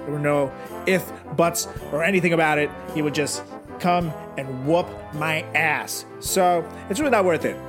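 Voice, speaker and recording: A young man hosting a casual comedy chat, telling crude absurd jokes in a deadpan way and laughing at his own bits. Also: on the high side, moderate pace. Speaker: podcast host. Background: music.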